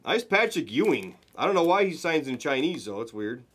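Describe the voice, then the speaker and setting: A man hosting a live card break, calling out pulls to viewers with excited, hyped commentary and the odd swear. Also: on the high side, a little fast.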